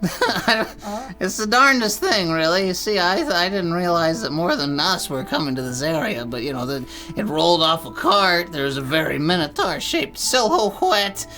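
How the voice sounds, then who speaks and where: A woman's voice: on the low side, lively intonation, moderate pace, a bit bright, faint music behind. A woman playing a tabletop game in character, rambling and giggling through her lines. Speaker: player.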